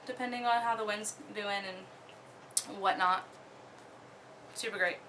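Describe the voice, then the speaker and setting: A young woman from Oklahoma casually talking through her disc golf bag, relaxed, with many ums and the odd giggle. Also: medium pitch, takes it slowly, slight background noise. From Oklahoma, USA. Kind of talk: casual show-and-tell.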